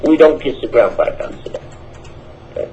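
An Islamic preacher with a medium-pitched voice talks about his religion and answers questions at a fairly quick pace. He is animated and emphatic, repeating his points, on dull lo-fi audio.

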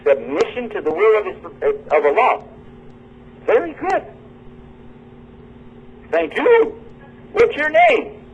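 A man hosting a live radio lecture at a university, joking with and quizzing his audience as he teaches. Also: high-pitched. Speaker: radio show host and lecturer. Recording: dull lo-fi radio broadcast with faint noise.

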